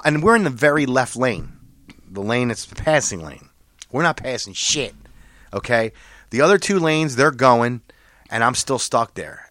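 A man telling a long, profane driving story in casual chat, quoting other drivers in a louder, higher voice. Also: dry recording, clean studio sound. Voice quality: gets loud and high when quoting other drivers.

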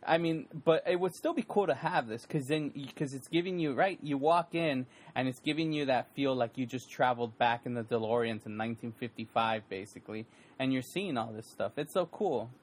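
A man's voice: mid-range voice, brisk. This is a man from California in a casual chat with a co-host. He talks in an easygoing, friendly way and laughs often between thoughts.

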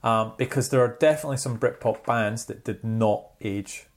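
Man, co-host, casual chat, animated storytelling, keeps asking "right?". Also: mid-range voice, moderate pace. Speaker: podcast co-host.

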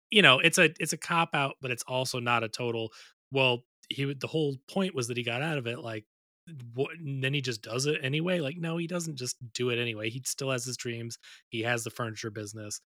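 Bright-voiced man hedging in film chat. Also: mid-range voice, no echo. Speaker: podcast co-host. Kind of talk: casual film discussion.

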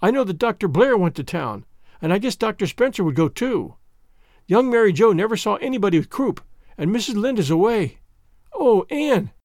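A man voicing a nervous, frightened young girl who pleads in a high, urgent voice. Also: sing-song, normal speed, a little mellow, dry recording, studio quality.

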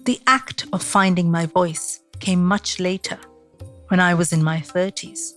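Brief: middle-aged woman host, Indian accent with East London traces, low-ish voice, measured and reflective, faint music behind. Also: steady tone. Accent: Indian, mix of Mumbai, Kerala and East London. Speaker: podcast host. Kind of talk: podcast interview and scripted narration.

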